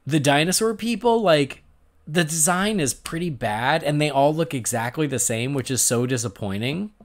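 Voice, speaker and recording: A male podcast host chatting casually about an episode, animated and prone to laughing. He acts out his own reactions as he goes, his voice climbing and dropping across a wide range. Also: fairly high pitch, normal speed. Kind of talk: casual chat.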